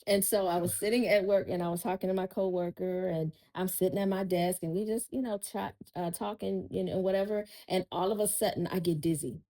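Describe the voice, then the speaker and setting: A woman's voice: on the low side, fairly even intonation, fairly quick, hardly any pauses, mellow, rough recording. A woman, a podcast guest telling a personal story in casual chat, often turning to listeners with "y'all.".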